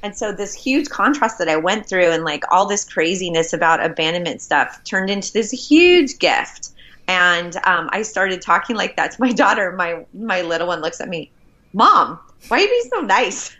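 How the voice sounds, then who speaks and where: A woman's voice: lowish voice, lively intonation, normal speed, a bit bright. A woman co-hosting a podcast, sharing a personal story in an earnest, open way. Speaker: podcast co-host. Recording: dull lo-fi sound.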